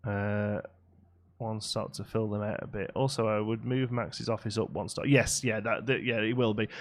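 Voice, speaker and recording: A man's voice: fairly low pitch, fairly even intonation, normal speed. A man casually commenting while playing a building game on a live stream, reading and answering chat. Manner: chatty, reads out chat and answers it.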